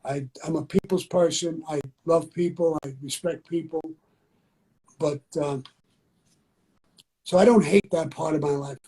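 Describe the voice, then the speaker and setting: A man's voice: on the high side, fairly even intonation, a little slow, long pauses, warm tone, breathy edge, poor audio. An older man, talking bluntly and candidly as an interview guest, repeating himself for emphasis. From New York. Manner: blunt, repetitive, conversational.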